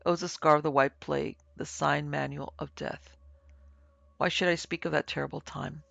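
A man narrating a classic story as an audiobook in a solemn, measured way, in a dry, dull lo-fi recording. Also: on the high side, steady tone, gravelly, fairly bright tone, no room sound. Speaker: narrator and producer.

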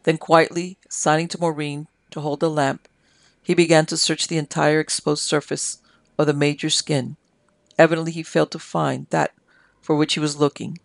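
An audiobook narrator reading a story in a measured, dramatic way. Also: medium pitch, little pitch movement, vocal fry, no room sound. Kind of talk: scripted narration.

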